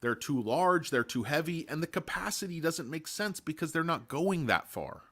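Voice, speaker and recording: A man's voice: fairly high pitch, big pitch swings, normal speed, a bit bright. A man hosting a casual live stream on stocks, rambling through his points, making crude jokes and greeting chat viewers by name. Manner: rambling, crude joking asides. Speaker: stock market livestream host.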